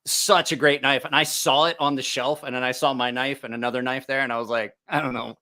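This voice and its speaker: A man with a bright, forceful voice hosts a relaxed podcast chat. He tells animated stories and jumps up in pitch whenever he quotes someone. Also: a little fast. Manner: animated storyteller, jumps pitch when quoting people. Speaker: podcast host.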